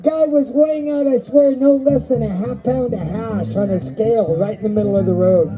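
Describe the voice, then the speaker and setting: A man's voice: extremely high pitch, normal speed, crowd noise, rough recording. A middle-aged man emceeing an outdoor festival stage with rambling, joking banter and stories.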